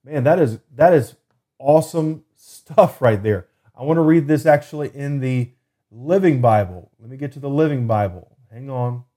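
A man's voice: medium pitch, mellow. Earnest man hosting a faith podcast. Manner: earnest, loose and conversational, reads scripture slowly and emphatically. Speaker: podcast host. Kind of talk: faith podcast monologue with scripture reading. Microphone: computer desk setup.

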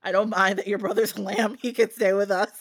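A woman's voice: medium pitch, little pitch movement, fairly quick, lightly acted. A lovestruck young prince from a fairy tale, as told by a woman, speaks decisively in a breezy, easygoing tone.

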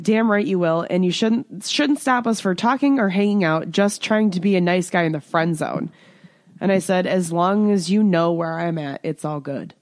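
A woman's voice: fairly low pitch, dry recording, clean studio sound. A woman co-hosting a podcast, telling a dating story in casual chat and mimicking the texts she got. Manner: animated storyteller, reads out texts in mimicked voices. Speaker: podcast co-host.

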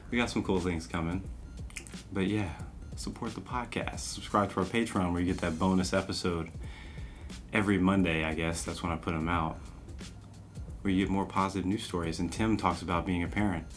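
A man's voice: low-pitched, fairly even intonation, brisk, faint music behind. A young man co-hosting a casual podcast, talking in a laid-back, rambling way and laughing at his own slips. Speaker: podcast co-host.

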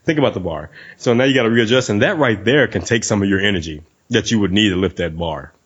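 A man's voice: lowish voice, quick pace, breathy edge. A man in casual chat who keeps acting out what people say, laughing often. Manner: animated, acts out quoted voices with laughs. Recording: dull lo-fi sound.

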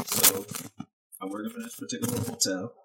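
Animated man telling a kitchen story. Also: high voice, fairly quick, creaky, heavy background noise. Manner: animated, acts out quoted people, swears freely. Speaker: podcast co-host, chef. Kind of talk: casual storytelling chat.

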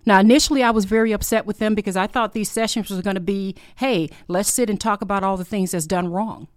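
A middle-aged woman speaks close to the mic in a dry, dead room, sharing a personal faith testimony. Her voice is earnest and heartfelt, at times emotional, with a mid-range pitch. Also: fairly even intonation, fast, no echo. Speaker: podcast host.

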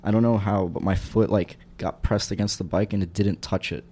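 Low-voiced man telling loose stories. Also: steady tone, fairly quick, warm tone, breathy edge. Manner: loose, filler-heavy storytelling. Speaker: cyclist in conversation. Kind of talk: casual chat.

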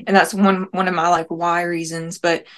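A woman's voice: on the low side, flat delivery, normal speed, a bit bright. A young woman talking casually as an interview guest, rambling with lots of "like" fillers. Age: young adult. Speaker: guest, prank-call comedian.

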